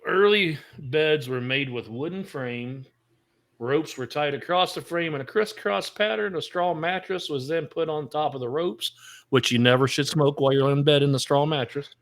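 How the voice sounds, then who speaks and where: A man's voice: on the high side, normal speed. A man co-hosting a casual podcast, reading out trivia and telling rambling jokes. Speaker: podcast co-host. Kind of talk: casual chat.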